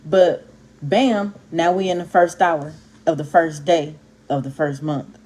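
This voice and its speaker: A woman's voice: low voice, fairly even intonation, measured pace, mellow, a little hiss or hum. Emphatic woman preaching. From Compton, California. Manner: emphatic, stresses and stretches words; punchy exclamations, street slang. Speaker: Bible teacher vlogger. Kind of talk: casual impassioned Bible talk to camera.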